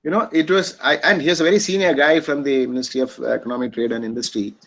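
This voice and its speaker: A man's voice: medium pitch, steady tone, fast talker, a bit bright, rough recording. A middle-aged man with an Indian English accent hosting, telling a story in a rambling way with many fillers. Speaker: host. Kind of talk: closing remarks and anecdote.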